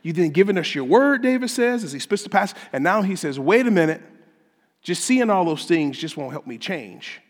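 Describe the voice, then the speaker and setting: A man preaching a sermon as pastor, emphatic and building to loud climaxes, in a church sanctuary. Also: sits high, very animated, normal speed. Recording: long hall reverb.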